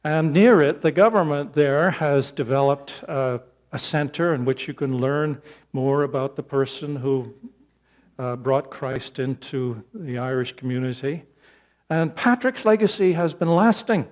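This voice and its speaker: A man's voice: on the high side, unhurried, a little mellow. A male pastor preaching a sermon in a church, telling a story earnestly with many small hesitations. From Canada. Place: church sanctuary.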